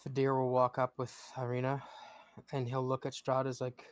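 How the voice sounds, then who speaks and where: A man's voice: medium pitch, completely flat delivery, normal speed, clear, resonant tone. A man playing a tabletop game, describing his character's actions in a casual tone and swearing freely. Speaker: player.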